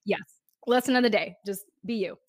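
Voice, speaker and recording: A woman's voice: medium pitch, brisk, no echo, studio quality. A woman hosting an interview podcast, chatting casually, laughing often and saying "like" a lot. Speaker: podcast host.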